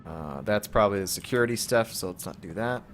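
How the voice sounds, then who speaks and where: A man's voice: fairly low pitch, animated, fairly quick, soft background music. A man casually commenting while playing a video game, reading menu items aloud half to himself in an offhand, wry way.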